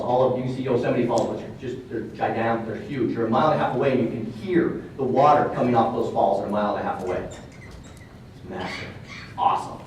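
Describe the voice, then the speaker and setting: A man's voice: mid-range voice, a little mellow, far from the mic, slight background noise. A man giving a motivational talk at a conference, telling a personal story in an earnest, conversational way with emphatic repeats. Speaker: motivational speaker. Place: conference hall. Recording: roomy hall sound from off mic.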